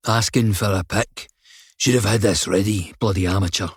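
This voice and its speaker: Man voicing a gruff, sardonic muttering man. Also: lowish voice, steady tone, normal speed, dry recording, clean studio sound, voice pushed down. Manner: muttering, dark humor. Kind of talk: audiobook character voice.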